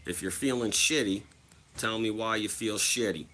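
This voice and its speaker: A man's voice: lowish voice, moderate pace, pushed and bright. A young man telling stories casually to his viewers, swearing freely and acting out other people's voices. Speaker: livestreamer.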